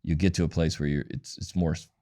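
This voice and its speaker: Man, comedian guest, very low voice, casual interview, rambling, restarts. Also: flat delivery, quick pace, dark tone.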